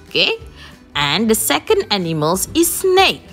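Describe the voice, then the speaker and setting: A woman with a Malaysian accent gives a primary lesson at a slow, careful pace. Her voice sits fairly low but rises and falls in a lively way. Faint music plays behind her. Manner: slow, patient, repeats each instruction in two languages. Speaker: primary school teacher. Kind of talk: online lesson for young children, English with Malay translation.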